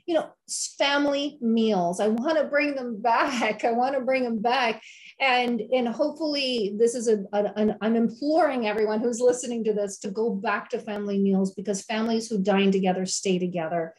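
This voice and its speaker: A woman's voice: fairly high pitch, moderate pace, a little mellow. A middle-aged woman, a health and wellness chef, talking enthusiastically in an interview and often repeating herself for emphasis. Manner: enthusiastic, repetitive, preachy. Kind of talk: conversational interview.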